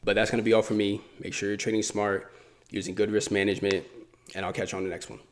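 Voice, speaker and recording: A man with a fairly low voice talks through trading charts in a relaxed, conversational way. He thinks aloud, circles back and repeats phrases as he points things out. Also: quick pace, a little hiss or hum. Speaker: forex trading YouTuber. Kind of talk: casual chart walkthrough.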